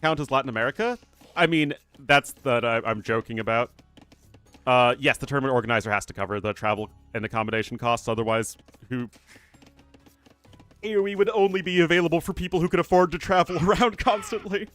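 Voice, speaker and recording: Guy casting a strategy game match live, chatty, cracks jokes, answers chat, music playing low behind. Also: a little fast, fairly bright tone. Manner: chatty, joking asides reading viewer chat. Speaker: game tournament caster. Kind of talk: live esports commentary.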